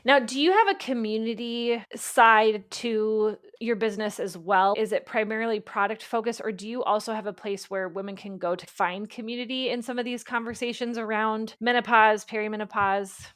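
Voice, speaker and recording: A woman's voice: on the high side, normal speed, few pauses, a bit bright, smooth. Curious woman hosting a podcast. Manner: curious, asks open questions. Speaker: podcast host. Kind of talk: podcast interview.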